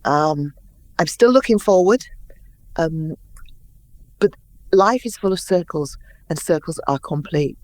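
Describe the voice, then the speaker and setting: A woman in her sixties, a guest in an interview, telling anecdotes in a lively way and acting out what others said. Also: low voice, slow, long pauses, no echo. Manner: lively anecdotal storyteller, acts out quotes. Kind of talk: interview storytelling.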